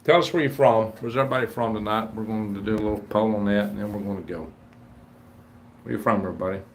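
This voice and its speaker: Man, fifties, gravelly livestream host, folksy and rambling. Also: on the low side, steady tone, fast talker, a little hiss or hum. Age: 50s. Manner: rambling, folksy, greets viewers and reads chat aloud. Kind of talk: casual livestream chat.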